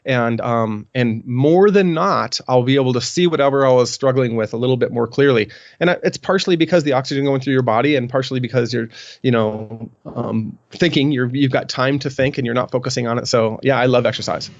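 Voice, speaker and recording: A man's voice: medium pitch, fairly quick, dry recording, dull audio. A middle-aged man, a podcast guest, recounting a story in a rambling way with many ums and restarts. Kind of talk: storytelling in an interview.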